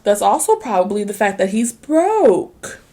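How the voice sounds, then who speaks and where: A woman's voice: mid-range voice, very animated, dark tone. A woman giving a casual tarot reading in a blunt, sassy, slangy style, swearing freely and laughing often. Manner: laughs often, drawn-out speech. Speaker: tarot reader.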